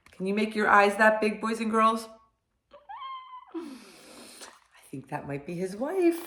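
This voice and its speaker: A woman teacher reading picture books aloud to young children, animated and gentle, often asking them questions. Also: mid-range voice. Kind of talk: children's storybook read-aloud. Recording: echoey room.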